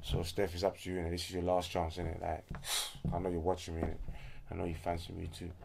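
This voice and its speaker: A young man from Congo, ranting loudly with profane slang as a guest in a casual interview. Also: deep voice, completely flat delivery, quick pace, creaky, background noise.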